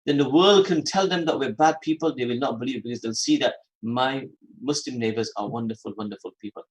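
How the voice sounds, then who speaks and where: A man's voice: mid-range voice, fairly quick, poor audio. A man hosting a religious phone-in radio show who repeats phrases for emphasis and mixes in Arabic and Urdu terms. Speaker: radio host.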